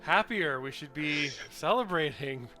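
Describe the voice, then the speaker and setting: A man's voice: fairly high pitch, animated, a little slow, over loud music, voice pushed up. A man voicing a weary adventurer in a tabletop game, subdued and hesitant.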